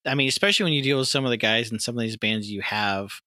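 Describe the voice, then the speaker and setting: A man's voice: mid-range voice, quick pace, pushed and bright, no room sound. A man hosting a podcast interview, enthusiastic and prone to stammering restarts. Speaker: podcast host. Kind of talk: casual interview chat.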